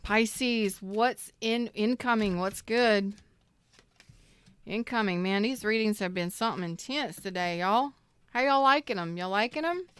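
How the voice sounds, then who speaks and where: A woman reads tarot live in a loose, emphatic way, swearing freely and preaching at her viewers. Her voice is smooth and clear. It sounds dry and close, with no room around it. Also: medium pitch, a little slow, a bit bright, no echo. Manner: emotional, close to tears. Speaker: tarot reader.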